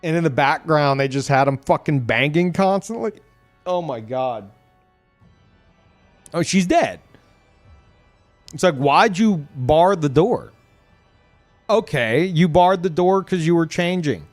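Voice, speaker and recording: A man streaming a game, ranting in casual commentary, excitable and swearing, laughing as he talks. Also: on the high side, a little slow, long pauses, faint music behind.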